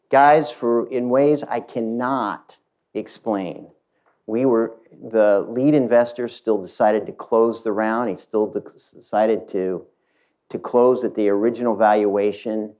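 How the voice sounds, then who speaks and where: A middle-aged man, a company chief, tells a story from his career to an audience, lively and speaking straight to the listeners. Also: fairly low pitch, a little slow. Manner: animated, addresses the audience directly. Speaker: CEO giving a talk. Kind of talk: storytelling keynote talk.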